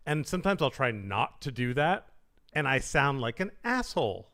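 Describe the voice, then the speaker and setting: A man hosting a podcast, telling stories in an animated, self-mocking way. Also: medium pitch, brisk. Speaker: podcast host. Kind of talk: casual conversational chat.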